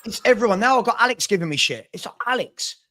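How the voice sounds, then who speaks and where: Frustrated stammering man, high voice. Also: lively intonation, quick pace, sharp tone. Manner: frustrated, repeats himself, stammering restarts. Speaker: fan channel host. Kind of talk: heated live chat.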